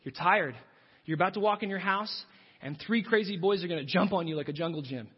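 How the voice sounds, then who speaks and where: Soft wheedling temptress, as a preacher puts her on, husky, quiet, dull hall recording. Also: high-pitched, brisk. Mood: coaxing. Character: seductive female voice of temptation.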